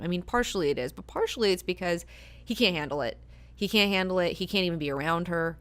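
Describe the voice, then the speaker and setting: A woman's voice: lowish voice, fast talker, clean tone. A woman hosting a book club discussion, talking casually with many fillers and frequent swearing. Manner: chatty, filler-heavy, swears freely.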